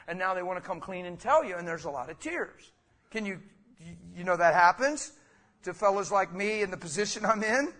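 A man's voice: sits high, fairly bright tone. A man preaching a sermon as a pastor, passionate and conversational, talking straight to his listeners.

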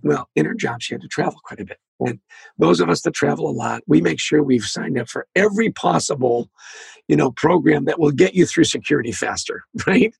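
Male guest, very gravelly and husky, animated storyteller who acts out the dialogue. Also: fairly high pitch, brisk, dry recording. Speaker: guest, leadership author. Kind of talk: storytelling interview talk.

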